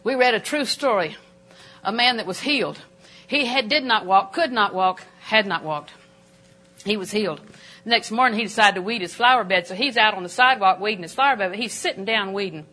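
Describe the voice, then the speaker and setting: Bright-voiced older woman preaching. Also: fairly quick. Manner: animated, emphatic delivery with sudden pitch jumps. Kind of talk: sermon. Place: church auditorium.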